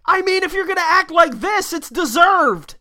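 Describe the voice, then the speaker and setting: A woman's voice: very high-pitched, animated, moderate pace, bright, forceful tone. A woman co-hosting a casual podcast, reacting with sarcastic, swearing jokes. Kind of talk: casual chat.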